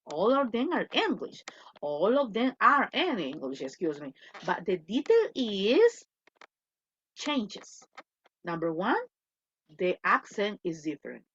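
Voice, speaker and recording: Dull lo-fi audio captures a lively English teacher, a native Spanish speaker, lecturing an online class in a mid-range voice. She mixes English with Spanish, restates points, and often asks "okay?"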